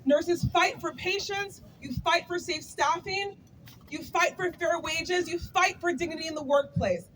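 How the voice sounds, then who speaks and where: A woman's voice: extremely high pitch, measured pace, a bit bright. A woman giving a rousing union rally speech outdoors, leading the crowd in call-and-response. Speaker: labor union speaker at a rally. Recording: distant mic, crowd noise. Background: cheering crowd.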